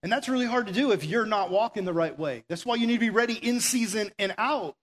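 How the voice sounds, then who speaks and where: A man's voice: high-pitched, quick pace. Fired-up male preacher, conversational. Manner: energetic and conversational, with lots of "like"; rhetorical questions to the listeners. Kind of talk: sermon. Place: stage before an audience.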